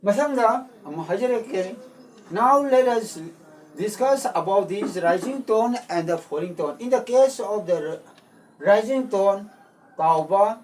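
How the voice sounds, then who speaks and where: A man teaching a language lesson, slowly repeating words and explaining their tones. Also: sits high, darkish tone, recorded from a distance, low-quality recording. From Manipur, India.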